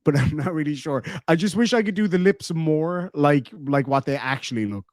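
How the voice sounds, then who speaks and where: A man with an Irish accent reads super chats in a casual, joking livestream. His voice sits a little high for a man and sounds dry and close to the mic. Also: expressive, normal speed, a little mellow, dry recording. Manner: joking, playful, laughs often. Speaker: livestream host.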